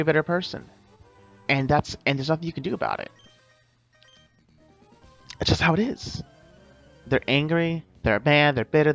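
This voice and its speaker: A man's voice: medium pitch, a bit bright, muffled recording. A man in an unscripted vlog monologue, rambling and repeating himself as he gives advice straight to the viewer. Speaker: vlogger.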